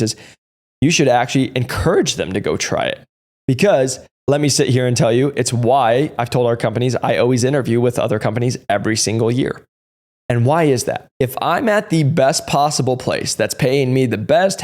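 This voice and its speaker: A man in his thirties giving casual sales coaching, lively and acting out quick bits of dialogue with doctors. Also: medium pitch. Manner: energetic, acts out dialogue with doctors. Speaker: sales trainer.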